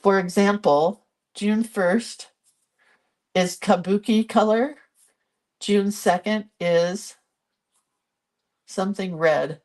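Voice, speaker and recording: Woman host of a relaxed live doodle lesson, talking slowly and chattily as she draws, on a phone mic. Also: mid-range voice. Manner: chatty, thinks aloud while drawing. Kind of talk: casual live drawing tutorial. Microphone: phone camera.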